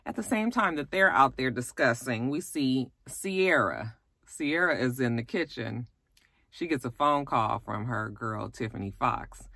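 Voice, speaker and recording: Animated, gossipy woman recapping a show. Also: a little slow, gravelly, slightly rough, no echo. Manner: animated, profane, chatty, swings into high acted quotes. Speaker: reality TV recap host.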